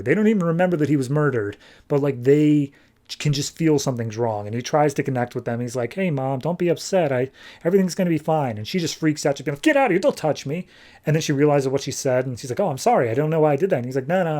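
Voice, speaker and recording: A man casually recapping a comic book issue on a podcast, retelling the plot loosely and tossing in quick offhand voices for the characters. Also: medium pitch, mellow. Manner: loose and chatty, with fillers and restarts.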